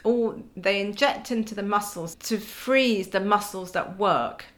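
A woman's voice: medium pitch, a little slow. A woman in her forties chatting as a podcast guest, wry and self-mocking, often laughing as she talks. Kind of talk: casual chat.

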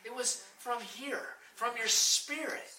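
A woman's voice: on the high side, slow pace, pushed and bright, distant mic. Emphatic woman preaching in an echoey room. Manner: emphatic, asks the room questions and acts out quoted voices. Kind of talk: sermon.

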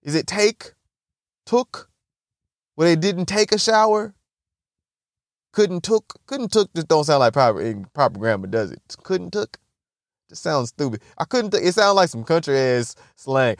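A man's voice: a little high, expressive, measured pace, long pauses, no room sound, clean studio sound. A young man casually telling funny stories on a podcast, rambling, swearing and laughing at his own jokes, and often acting out other people's voices. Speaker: podcast host. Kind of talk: casual comedic monologue.

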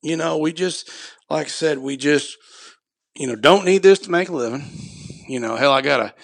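A man's voice: on the high side, moderate pace, vocal fry, no room sound. A man talking on a podcast as a guest who runs a shooting event, blunt and profane, rambling with lots of "you know" fillers. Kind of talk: casual podcast conversation.

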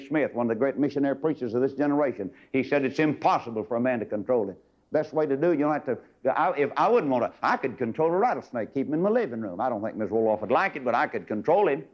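A middle-aged preacher man giving a fiery sermon, swinging from booming declarations to low, confiding folksy asides. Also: highs cut off.

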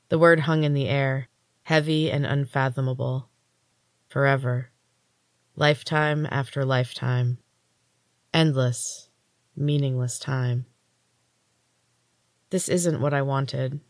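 A woman hosting a storytelling podcast, reading a first-person novel in measured, expressive narration. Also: extremely low pitch, no echo.

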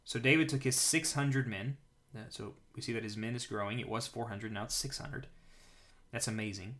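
A man hosting a daily Bible reading, reading passages aloud and paraphrasing them in a relaxed, conversational way. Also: medium pitch, normal speed. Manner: conversational, paraphrases in casual speech. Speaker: podcast host reading scripture.

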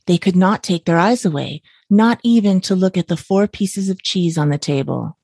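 In a calm, even voice, a woman with a fairly low, husky tone reads a bedtime story at normal speed. She's close to the mic in a dry space with no room sound, and the recording itself is dry.

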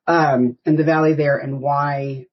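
A woman's voice: sits low, fairly even intonation, unhurried, breathy edge, muffled recording. A woman in her fifties from the United States, a podcast guest telling rambling, anecdotal stories in casual interview chat. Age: 50s.

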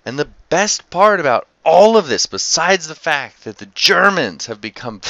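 A man's voice: medium pitch, fairly bright tone, no echo. A man telling a travel story in a casual, sarcastic, comic way, often laughing as he goes. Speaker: storyteller recounting travel anecdote. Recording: dry, slightly dull recording.

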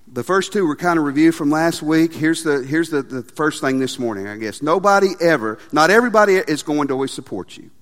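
High-voiced preacher in a reverberant hall. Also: male voice. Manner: animated, emphatic, repeats phrases. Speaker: pastor. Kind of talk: sermon. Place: church sanctuary. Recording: long reverb of a large hall.

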